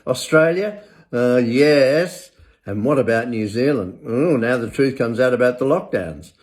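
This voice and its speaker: A man's voice: medium pitch, animated, unhurried, darkish tone. An older man ranting in a monologue, blunt and sarcastic, swearing freely. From England.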